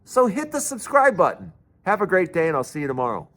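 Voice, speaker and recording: A man hosting his own show, telling a chatty, animated story in a casual monologue. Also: sits high, fast talker. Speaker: commentator and show host.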